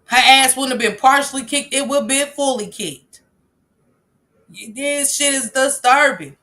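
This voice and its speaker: Bright-voiced woman chatting on a livestream. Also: high-pitched, measured pace. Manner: emphatic, reacts aloud to viewer comments; laughs often, blunt and profane. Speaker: livestream host reading viewer chat. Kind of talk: casual livestream chat.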